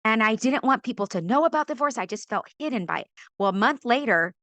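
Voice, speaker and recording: Middle-aged woman, faith podcast guest, higher voice, dry close mic, animated testimony with acted-out quotes. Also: fast talker, dry recording. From California. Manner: expressive storyteller, acts out quoted voices, laughs often.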